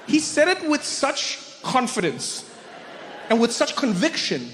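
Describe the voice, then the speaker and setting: A man's voice: very high-pitched, huge pitch swings, unhurried, a bit bright, big-room sound, a little hiss or hum. A man performing stand-up comedy on stage, telling stories in a playful way and acting out voices. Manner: playful storytelling, acts out voices. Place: comedy stage before a live audience.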